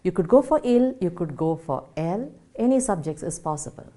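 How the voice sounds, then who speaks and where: A woman's voice: on the low side, animated, a little fast, mellow. A woman teacher with an Indian English accent giving a French lesson, explaining patiently step by step, spelling out letters and checking in with "okay?". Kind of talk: spoken language lesson.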